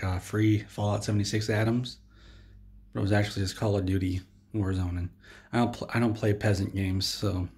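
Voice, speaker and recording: Rambling deadpan man with a lowish voice. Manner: rambling, deadpan, frequent restarts. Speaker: comedy vlogger. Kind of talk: absurd in-character comedy storytelling.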